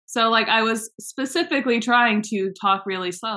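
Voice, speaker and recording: A young woman in casual chat, blunt and sarcastic, who says she talks fast and runs her words together. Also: on the high side, sharp tone. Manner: blunt, sarcastic, swears freely.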